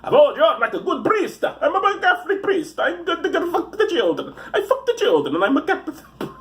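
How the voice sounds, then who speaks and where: A man voicing an exaggerated caricature of an Italian Catholic priest in a high, sing-song put-on voice. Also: huge pitch swings, brisk, fairly bright tone, full character voice. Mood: gleeful mockery.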